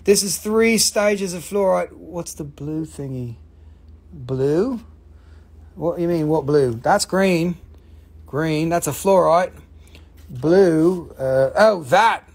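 Gravelly, husky, joking rock seller. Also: medium pitch, takes it slowly. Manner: joking, profane, excitable. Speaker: live-stream rock seller. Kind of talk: casual live sales chat.

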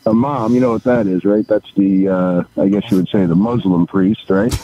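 A man telling crude jokes on a radio show in a dry, deadpan way, chuckling at his own punchlines. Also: lowish voice, moderate pace, dry recording, muffled recording. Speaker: regular phone-in joke teller.

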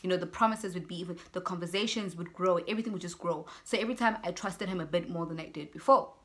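Young south african girl doing a storytime vlog, kinda low voice, bit of hiss behind her. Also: fast talker. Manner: animated storytelling, acting out both sides of conversations; mixes in Zulu words and phrases. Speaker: YouTuber.

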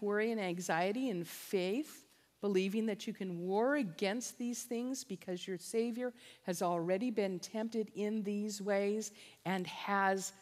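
Her voice sits in the mid-range with a slightly mellow quality as she delivers an emphatic, passionate sermon-style address, repeating key points for effect. She is a conference speaker and biblical counselor, and the long echo of a big hall surrounds her words.

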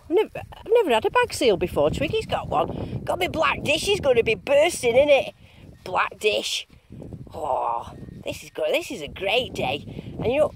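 A woman with a high, bright voice that swoops up and down, talking in a bubbly, chatty way. She gives running commentary outdoors to a handheld camera. A faint hiss sits behind her. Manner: bubbly, chatty, repeats herself in delight. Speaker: metal detecting vlogger. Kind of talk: excited casual running commentary. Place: outdoor field dig.

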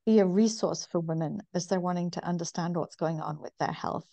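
A middle-aged woman from northeast England with a softened northern English accent, explaining things in a measured way with many ums as an interview guest. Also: lowish voice, creaky, no room sound. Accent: northern English, softened by decades in the US. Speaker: guest, women's health company founder. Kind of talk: interview conversation.

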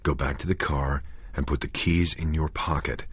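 A man as a grim, quiet husband. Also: extremely low pitch, steady tone, normal speed, husky, no room sound, heavily acted. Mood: tense. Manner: quiet and clipped. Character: grim, controlled husband in shock.

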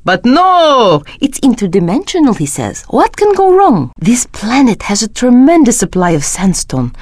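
Game casting: a formal, flirty hoofed alien woman, higher voice, lively swings, dry studio sound. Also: moderate pace, slightly rough, dry recording, exaggerated voice. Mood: joking. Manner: formal phrasing with dropped articles, flirty jokes. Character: adult female Draenei, hoofed alien, formal and playful. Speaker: game character voice. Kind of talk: game voice lines.

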